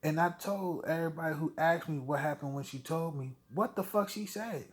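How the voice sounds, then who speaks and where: Vlogger, male, fairly high voice, blunt profane rant, heated delivery. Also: a little fast. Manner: blunt, heated, swearing, with short laughs. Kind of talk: profane personal rant to camera.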